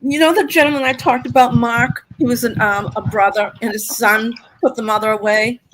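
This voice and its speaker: A woman's voice: on the high side, fairly even intonation, a little fast, fairly bright tone, slight background noise. An older woman calling in to a live stream, upset and rambling, with stammering restarts. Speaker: guest caller. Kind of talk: emotional live-stream chat.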